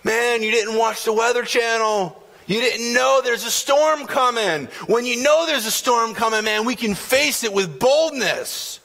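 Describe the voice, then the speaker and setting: A male pastor preaching a sermon in a church, his voice pitched high and gravelly with fry. He talks emphatically, acting out the voices in the story as he goes. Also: a little slow, bright, forceful tone. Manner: emphatic preaching with repeated "man" and acted quotes. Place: church sanctuary.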